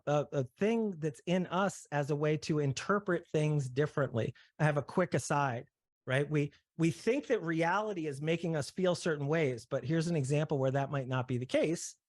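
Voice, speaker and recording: A man's voice: fairly high pitch, normal speed, no echo, clean studio sound. A man presenting ideas to a discussion group, walking through everyday examples and often checking in with "right?" and "okay?". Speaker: session presenter. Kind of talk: explanatory talk to a discussion group.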